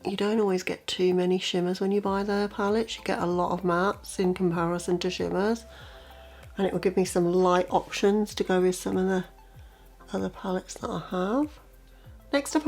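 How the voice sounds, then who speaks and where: A woman's voice: mid-range voice, steady tone, moderate pace, soft background music. A woman vlogger chatting casually through a makeup tutorial, often saying "as I say". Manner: chatty and conversational, repeats "as I say"; quiet, half-murmured commentary while applying makeup.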